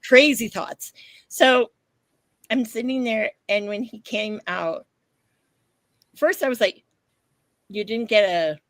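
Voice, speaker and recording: Animated woman telling a story. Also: a little high, takes it slowly, pauses often, no room sound. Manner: animated storytelling, acts out quotes, swears freely. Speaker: podcast co-host. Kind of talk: casual chat.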